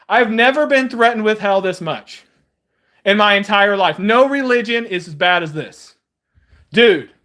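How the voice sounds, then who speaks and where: A man hosting a live stream, ranting in a heated, defiant way, laughing often and breaking into shouts, with lots of "man" and "dude". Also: very high-pitched. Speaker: livestream host.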